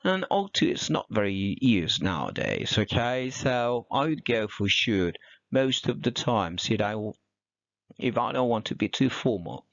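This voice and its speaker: A man teaching an English grammar lesson, explaining slowly with examples. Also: medium pitch, sing-song, fairly bright tone, dry recording. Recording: dull, dry and lo-fi.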